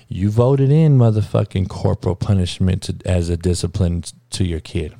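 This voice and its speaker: A man's voice: deep voice, normal speed, gravelly, mellow, dry recording, studio quality. A man hosting a sports podcast, ranting in a heated, profane, rambling way and often calling listeners dog. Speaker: podcast host. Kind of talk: casual sports rant.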